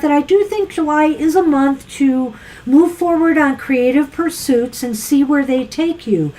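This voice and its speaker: High-voiced woman giving a tarot reading. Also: a little mellow, poor audio. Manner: thoughtful, musing, frequent fillers. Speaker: tarot reader co-host. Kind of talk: casual live tarot reading.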